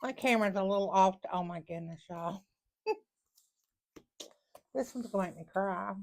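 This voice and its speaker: A woman's voice: medium pitch, moderate pace, vocal fry. A woman giving a casual tarot reading to her viewers, chatty and folksy, thinking aloud as she lays out cards. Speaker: tarot reader.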